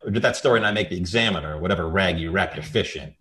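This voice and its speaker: A man's voice: low voice, very fast, pushed and bright, slight background noise. A man voicing a wisecracking female private eye from the 1930s, speaking in sardonic hard-boiled quips. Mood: sarcastic.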